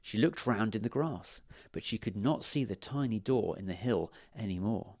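A man reading a children's story aloud in a gentle, expressive storytelling manner. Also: lowish voice, normal speed, dry recording, clean studio sound.

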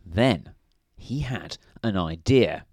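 A man's voice: low voice, animated, takes it slowly, a little mellow, no echo, studio quality. A man reading a children's story aloud in a playful way, now and then asking the listener questions.

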